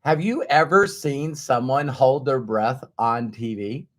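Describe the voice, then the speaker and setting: A man's voice: mid-range voice, slow. A man giving a conversational motivational talk who acts out the voices of doubters. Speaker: motivational speaker.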